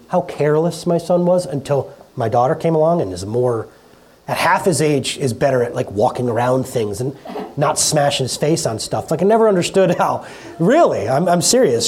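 A middle-aged pastor preaching in a relaxed, conversational way in a church, often repeating words and laughing at themself. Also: medium pitch. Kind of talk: conversational sermon. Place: church hall.

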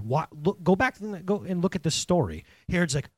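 Man, pastor, chatty sermon, lively up-and-down voice, dry close sound. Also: on the high side, fairly quick, few pauses, no room sound. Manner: conversational, animated, talks to congregation directly.

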